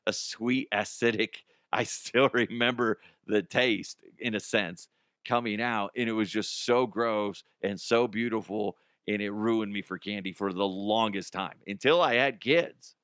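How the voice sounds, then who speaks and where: A man's voice: on the low side, a little slow, a bit bright, smooth, dry recording, clean studio sound. A middle-aged man hosting a comedy news show, rambling casually with profanity and lots of restarts.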